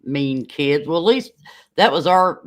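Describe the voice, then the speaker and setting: A woman's voice: deep voice, expressive, measured pace. A woman in casual livestream chat who laughs often, tells stories with quoted dialogue, and reads out viewer comments. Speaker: livestream co-host.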